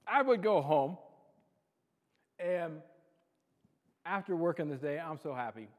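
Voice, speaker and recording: Male pastor, slightly high voice, casual joking sermon, long hall reverb. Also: expressive, a little slow. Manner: chatty, joking, self-deprecating.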